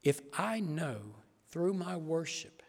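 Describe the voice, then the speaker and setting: A middle-aged man, a pastor preaching an emotional sermon that swings from quiet to raised. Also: fairly high pitch, takes it slowly, creaky, long reverb tail.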